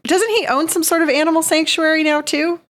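A woman's voice: high voice, steady tone, a little fast, a bit bright. A woman co-hosting a casual podcast, giggly and hesitant, with many fillers. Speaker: podcast co-host. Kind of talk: casual comedic chat.

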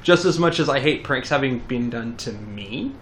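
Bright, crisp man co-host, casual, playful. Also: medium pitch, animated, moderate pace, slight background noise. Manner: chiming in, playful asides. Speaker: podcast co-host. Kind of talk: casual chat.

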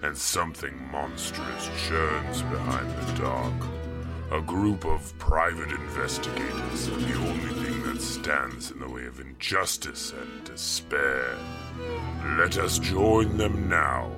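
A man's voice: extremely low pitch, slow pace. A man giving an ominous, theatrical scripted introduction. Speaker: show intro announcer. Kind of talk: dramatic scripted narration. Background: music.

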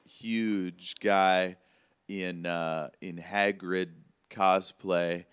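A man running a tabletop role-play as game master, telling the scene in a relaxed, conversational way with plenty of fillers. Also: low voice, smooth, no room sound.

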